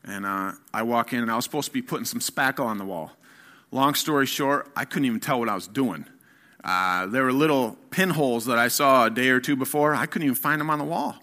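A middle-aged man giving an earnest personal testimony as a sermon, telling his story haltingly with fillers and restarts. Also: medium pitch, sharp tone. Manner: earnest, candid. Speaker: guest speaker.

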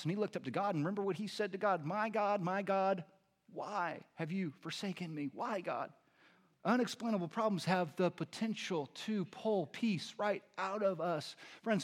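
A man, a pastor, delivering a sermon, moving between earnest teaching and animated storytelling. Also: a little high. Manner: animated storytelling with lively impressions.

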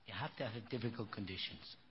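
A man's voice: fairly low pitch, fast talker. Older male preacher, folksy and emphatic. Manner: emphatic, folksy storytelling with frequent "you know". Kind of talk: sermon. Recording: dull lo-fi recording with faint noise.

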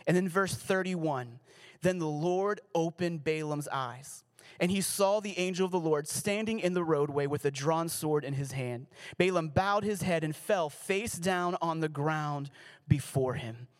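A man's voice: a little high, unhurried. A man giving a sermon as pastor, reading scripture and adding casual, joking asides.

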